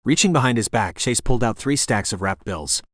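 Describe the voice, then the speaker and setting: Reading a scripted audiobook, a man narrates in an even, unwavering style. His mid-range voice moves fairly quickly, and the studio-quality audio has no room sound.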